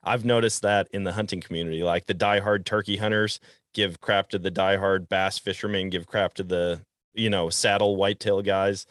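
Male outdoors podcast host from Wisconsin, easygoing storyteller with a lowish voice, dry close mic. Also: normal speed, no echo. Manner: relaxed storyteller who chuckles often. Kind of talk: casual outdoors chat.

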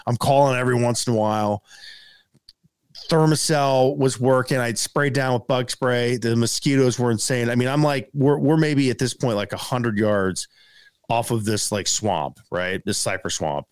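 Animated man telling a story, dry sound. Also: mid-range voice, normal speed, clear, resonant tone, no echo. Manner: animated, rambling with fillers like "man" and "dude". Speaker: podcast guest. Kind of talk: casual storytelling.

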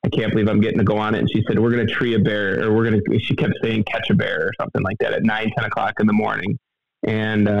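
A middle-aged man telling a story in a casual interview, halting, rambling and earnest, heard over a phone line. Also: on the low side, vocal fry, dry recording. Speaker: guest telling a hunting story.

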